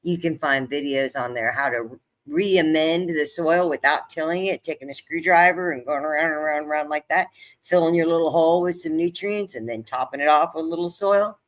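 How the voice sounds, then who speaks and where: A woman's voice: deep voice, fairly quick. An older woman chatting casually to viewers on her own livestream, talkative and easily moved, laughing often. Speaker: livestream host. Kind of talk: casual live-stream chat.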